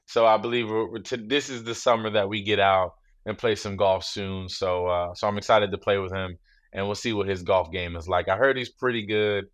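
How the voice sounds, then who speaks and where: A man in his thirties, a former football player, talking as a guest in a relaxed interview, measured and reflective, often saying "you know.". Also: lowish voice, no echo.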